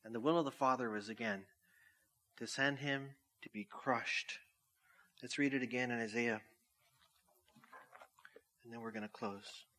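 A man's voice: medium pitch, steady tone, measured pace, pauses often, sharp tone. A middle-aged man preaching a sermon, casual and jokey, laughing at himself, then reading scripture and praying. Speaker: pastor.

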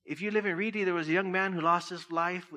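Bright-voiced man preaching conversationally. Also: sits high, steady tone, quick pace. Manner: conversational preaching with frequent "right?" asides. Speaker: pastor. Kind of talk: sermon.

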